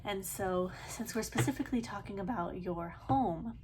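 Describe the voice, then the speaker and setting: A woman's voice: medium pitch, moderate pace, background noise. A woman giving a casual, chatty tarot reading to her viewers, with loose fillers and a slightly itchy throat. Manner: chatty, relaxed, many fillers and soft laughs. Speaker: tarot reader.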